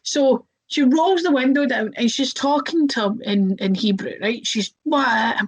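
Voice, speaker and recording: Chatty higher-pitched young woman storyteller. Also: moderate pace, breathy edge, poor audio. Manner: chatty, lots of fillers, acts out voices. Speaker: wrestler, interview guest. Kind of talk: casual interview storytelling.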